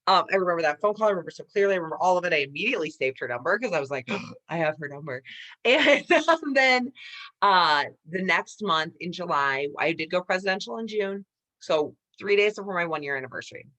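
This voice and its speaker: Animated woman telling her success story. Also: low-pitched. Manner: animated, addresses audience as "you guys". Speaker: network marketing leader. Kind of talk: motivational personal story.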